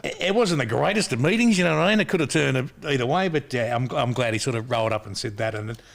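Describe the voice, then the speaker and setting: A man's voice: medium pitch, animated, fast, vocal fry, fairly bright tone. An Australian man hosting a live show, matey and chatty, often adding "you know what I mean". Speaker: host. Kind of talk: casual live chat.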